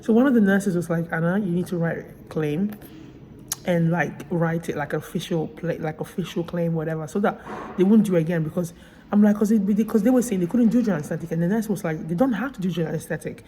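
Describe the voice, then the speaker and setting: A woman's voice: on the low side, quick pace, dark tone, slight background noise, poor audio. A woman recovering from surgery, telling a hospital story with indignant emphasis in a casual vlog. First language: Italian. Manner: indignant, emphatic retelling with quoted dialogue. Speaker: vlogger. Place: hospital room.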